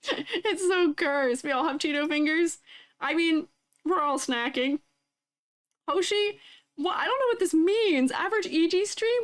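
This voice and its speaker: A woman's voice: very high voice, animated, measured pace, pauses often. A young woman streamer chatting casually with her viewers, giggling often and reacting playfully to fan art. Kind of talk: casual live stream chat.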